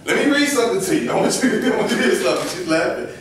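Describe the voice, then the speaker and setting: Animated man teaching kids in an echoey church room. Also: high voice, rapid-fire. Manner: animated, quizzes the class, acts out little scenes. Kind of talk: interactive Bible lesson for kids. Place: church classroom. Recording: very echoey room, distant camera, faint background noise.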